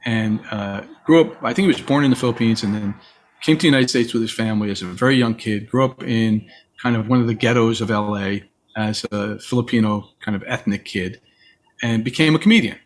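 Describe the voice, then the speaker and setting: Here's a guest with a fairly low voice and a brisk pace, recounting stories in a thoughtful interview and performing the voices of those he quotes. Slight background noise is audible.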